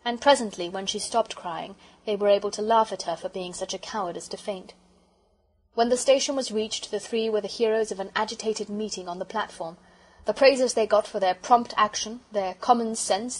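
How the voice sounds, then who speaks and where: A woman narrating a children's audiobook with expressive storytelling. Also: medium pitch, fairly quick, slightly rough, rough recording.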